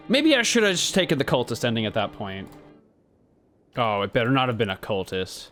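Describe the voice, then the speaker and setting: Guy yelling at his game, middle-pitched voice, worked up and loud, faint game music behind. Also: huge pitch swings, brisk. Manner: loud, exasperated outbursts. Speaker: gaming youtuber. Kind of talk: let's play commentary.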